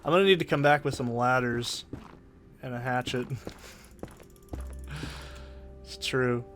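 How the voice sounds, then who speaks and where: Faint music plays behind this let's play host as he narrates his gameplay in a rambling, profane, opinionated way, his Southern Oregon accent marking him as from the Pacific Northwest. He speaks at a measured pace, with a medium-pitched, fairly bright voice. The audio comes from a desk condenser mic with a pop filter, set up in a soundproofed home corner.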